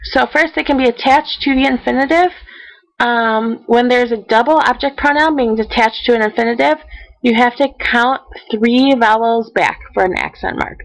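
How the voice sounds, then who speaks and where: Female teacher with a slightly high voice, for a calm step-by-step recorded lesson. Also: gravelly, low-quality recording. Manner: methodical, counting out steps; reads example sentences slowly. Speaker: Spanish teacher.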